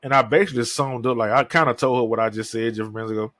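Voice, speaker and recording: A man's voice: medium pitch, fairly even intonation, very fast, fairly bright tone, no echo. A man in his thirties hosting a podcast alone, talking candidly in a rambling way and swearing often. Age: 30s. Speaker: podcast host. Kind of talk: casual solo monologue.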